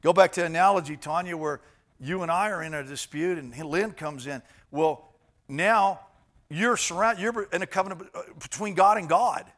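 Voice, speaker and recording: A man preaching a sermon from slides, moving between loud emphatic points and quiet asides, with frequent restarts. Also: sits high, moderate pace. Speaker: pastor.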